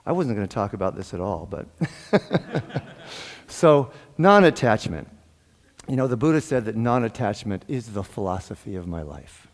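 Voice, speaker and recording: A man's voice: on the low side, moderate pace, long pauses. A man giving a sermon as a guest minister, telling jokes and stories, laughing often and acting out the dialogue in his stories. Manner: animated, laughs often, acts out quoted dialogue. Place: church sanctuary. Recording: long hall reverb.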